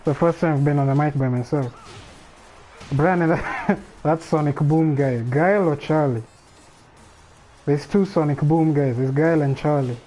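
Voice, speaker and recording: A man chatting on his livestream mic, his voice a touch higher than most yet mellow and soft-edged. He rambles and thinks out loud, restarting his sentences, with faint music underneath. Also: normal speed, long pauses, poor audio. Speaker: livestream host. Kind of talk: casual livestream chat. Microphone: streaming microphone.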